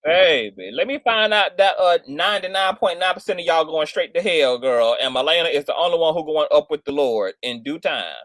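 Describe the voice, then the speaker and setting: A man's voice: on the high side, expressive, fairly quick, few pauses, fairly bright tone, dry recording. A man hosting livestream commentary in a sassy, theatrical way, peppered with "girl" and "child". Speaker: commentary channel host.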